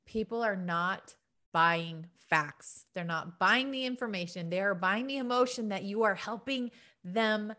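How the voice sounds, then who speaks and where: A woman's voice: mid-range voice, measured pace, bright, forceful tone. A woman hosting a podcast, affirming her guest with effusive, emotional enthusiasm in casual interview chat. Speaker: podcast host.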